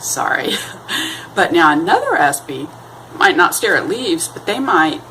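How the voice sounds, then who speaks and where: Brief: middle-aged woman, low voice, rambling self-deprecating monologue, faint background hiss. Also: big pitch swings, unhurried, sharp tone, poor audio. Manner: rambling, self-deprecating, acts out quoted voices in a high sing-song. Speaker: vlogger. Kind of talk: casual explanatory monologue.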